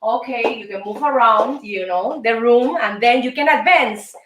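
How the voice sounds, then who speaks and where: Counting out the beats and chattily calling moves, a salsa teacher and show host from Cuba leads the lesson with a Cuban Spanish accent. She speaks at a moderate pace in a fairly bright voice on the high side; the roomy, distant-mic recording has music underneath and a little hiss or hum.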